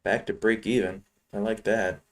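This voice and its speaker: A man's voice: fairly low pitch, little pitch movement, normal speed. A man from Chicago talking casually to his viewers while trading futures, rambling between trades. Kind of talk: casual live-trading commentary.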